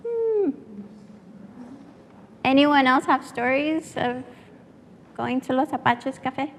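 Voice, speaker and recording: A woman from San Antonio, a native Spanish speaker, lively and chatty as she tells stories to a workshop audience. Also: high voice, slow, pauses often, slight background noise. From San Antonio, Texas. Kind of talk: storytelling to an audience. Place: workshop room. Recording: echoey hall.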